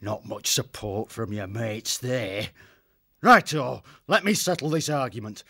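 A nasty swaggering ferret warlord, rough slangy taunts, way higher than his own voice and all over the place. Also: expressive, unhurried, pushed and bright, full character voice. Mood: taunting.

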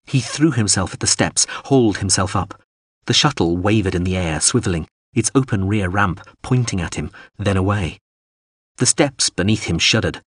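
A man reads an audiobook in a steady, dramatic voice. His tone is low and slightly husky. The recording is dry and close, with no room sound. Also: moderate pace, no room sound. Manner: steady, dramatic reading of an action scene. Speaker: narrator. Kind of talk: audiobook narration.

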